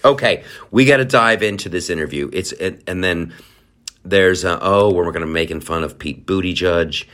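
A low-pitched man hosting his podcast, talking in a loose, sarcastic commentary style. He riffs quickly and slips into mocking voices. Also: fairly bright tone. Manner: sarcastic, rapid riffing with mock voices. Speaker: podcast host. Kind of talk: casual political commentary.

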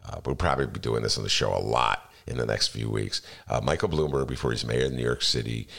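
A man's voice: extremely low pitch, quick pace, creaky, fairly bright tone. A man hosting a podcast as a columnist, talking casually with a fired-up, sarcastic ranting manner.

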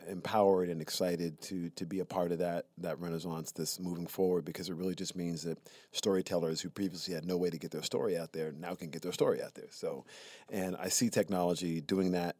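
A man's voice: deep voice, a little fast, dry recording. A man from Alabama, a podcast guest telling personal stories and acting out the people in them. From Alabama, USA. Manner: animated storyteller who slips into acted voices. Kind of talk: storytelling interview conversation.

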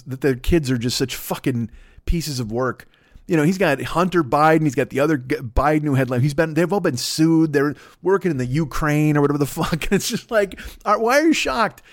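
A man hosting a comedy podcast who rambles through a foul-mouthed rant, cutting himself off and restarting as he goes. His pitch sits in the middle range for a man. The sound is dry and close, with no room echo. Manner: rambling, heavy swearing, self-interrupting. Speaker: podcast host.

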